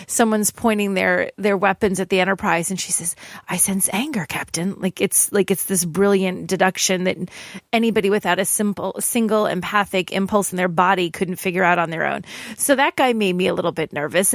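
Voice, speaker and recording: A woman's voice: mid-range voice, dry recording, studio quality. A woman hosting a casual podcast segment, chatty and wry, asking listeners what they think. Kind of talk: casual chat.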